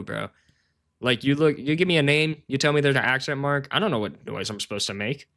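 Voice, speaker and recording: Speaking a little fast in a sharp, mid-range voice, a man researches sports betting on a live stream. He addresses chat directly, rambling in slang, repeating "bro," laughing a lot, and poking fun at himself.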